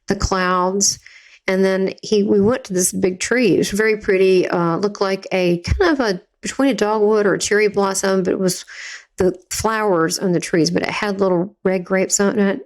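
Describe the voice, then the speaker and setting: Chatty Southern woman telling a story. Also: medium pitch. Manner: chatty and vivid, acts out quoted voices. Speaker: podcast guest, medium. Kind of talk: personal storytelling in conversation.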